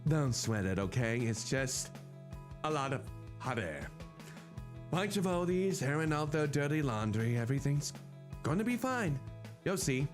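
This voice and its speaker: A man voicing a fiery, defiant record store owner with a high, strained voice. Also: sing-song, measured pace, pauses often, soft background music. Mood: dismissive.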